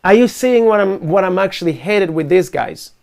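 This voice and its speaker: A man's voice: sits high, expressive, normal speed, gravelly, a little mellow. A man hosting a live online talk show, speaking earnestly and emphatically, building his points with rhetorical questions. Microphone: video call setup.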